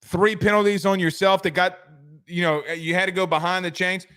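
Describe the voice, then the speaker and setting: Man, sports host, high voice, rambling, jokey asides. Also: level tone, normal speed, pushed and bright, clean tone. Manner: rambling, joking, trails off into asides. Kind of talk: casual sports commentary.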